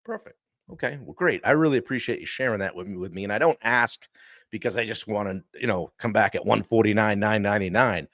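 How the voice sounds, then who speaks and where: A man hosting a live-stream coaching talk, animated and often clearing his throat. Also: on the low side, fast talker, dry recording, studio quality. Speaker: sales coach and show host.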